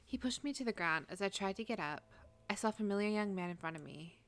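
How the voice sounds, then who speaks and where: A woman's voice: mid-range voice, animated, fast. Crude, joking woman game streamer. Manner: reads dialogue aloud, then crude, joking outbursts. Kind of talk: casual gameplay commentary and reading.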